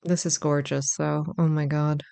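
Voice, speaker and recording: A let's-play commentator musing over a fantasy game, chatty and self-deprecating, with a gravelly, creaky edge on the voice. The sound is dry and close, with no room around it. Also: mid-range voice, flat delivery, normal speed, a little mellow, dry recording. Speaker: gameplay commentator.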